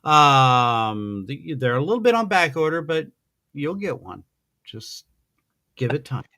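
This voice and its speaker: A man hosting a podcast, chatting in an excited, rambling way, gushing like a fan over his guest. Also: on the high side, unhurried, no echo, studio quality. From American Midwest. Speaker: podcast host. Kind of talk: excited casual interview chat.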